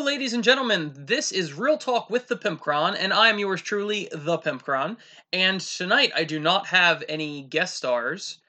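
A man voicing an overblown male talk-show host persona, booming and theatrical in a mock talk-show monologue. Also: pushed and bright.

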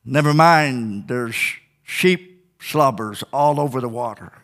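A man preaching a sermon as a pastor in church, fervent and folksy, with call-and-response "Amen?" and sudden shouts. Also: mid-range voice, lively intonation, normal speed. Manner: old-fashioned, down-home speech.

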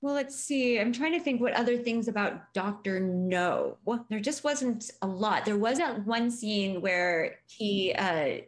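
A woman's voice: medium pitch, expressive, unhurried, hardly any pauses. A woman co-hosting a film podcast, chatting casually with friends. She laughs easily and reads out a ranked list in a mid-range voice. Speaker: podcast co-host. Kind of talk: casual chat.

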